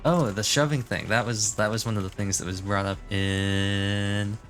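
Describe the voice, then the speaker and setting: A man's voice: fairly low pitch, steady tone, moderate pace, fairly bright tone, soft background music. A man streaming his reaction to a game, musing casually and reading the story text aloud.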